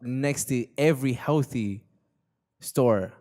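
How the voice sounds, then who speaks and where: A man's voice: medium pitch, takes it slowly, darkish tone. A young man hosting a casual podcast chat, rambling and slangy, often repeating himself. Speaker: podcast host.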